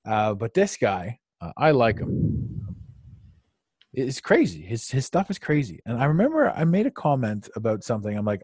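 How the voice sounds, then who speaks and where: A man's voice: medium pitch, very animated, normal speed, darkish tone, breathy edge, dry recording. A male podcast host with an ordinary mid-range voice, recorded close and dry. He talks loosely and at length, swearing, laughing and restarting his sentences as he goes. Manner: rambling and profane, with lots of restarts and laughter. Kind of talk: casual conversational interview.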